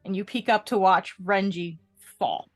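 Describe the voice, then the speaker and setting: A woman running a tabletop game as game master, calm and matter-of-fact as she narrates and rules. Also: mid-range voice, a little slow, soft background music.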